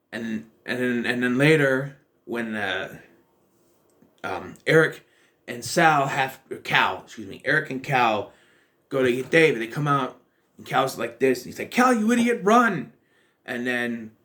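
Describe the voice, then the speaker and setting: Male YouTube film reviewer, young adult, rambling and self-correcting, mid-pitched voice. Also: a bit bright. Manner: rambling, self-correcting, acts out quoted lines. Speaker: movie reviewer.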